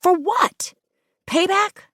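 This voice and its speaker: A woman's voice: very high voice, drawn-out words, a bit bright, no room sound, clean studio sound, voice pushed up, full character voice. A woman narrator voicing a heartbroken young woman who screams and sobs at the lover she caught cheating, in audiobook dialogue. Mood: furious screaming. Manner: screaming and sobbing.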